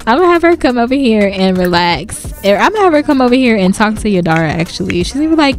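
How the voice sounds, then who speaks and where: A woman narrating her life-simulation game, animated and quick to gasp and laugh at the drama. Her voice is high and swings widely, with soft music underneath. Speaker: gaming channel host. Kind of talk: game commentary.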